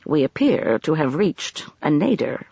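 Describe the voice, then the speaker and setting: A woman's voice: deep voice, big pitch swings, a little slow, creaky, warm tone, breathy edge, dry recording, highs cut off, heavily acted. Narrator voicing a polite, anxious older woman. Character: older woman amateur spy, gentle. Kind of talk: audiobook character reading.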